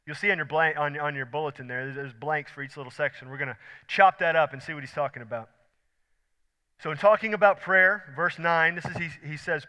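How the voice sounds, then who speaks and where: A pastor preaching a sermon, emphatic, repeating key words and swinging between loud and soft. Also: male voice, a little high, brisk. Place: church sanctuary. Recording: long hall reverb.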